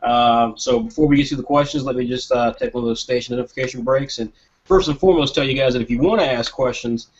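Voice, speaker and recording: A man's voice: mid-range voice, fast talker. A man hosting a live online Q&A over a video call, making rambling announcements with filler sounds. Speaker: host. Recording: dull lo-fi call audio.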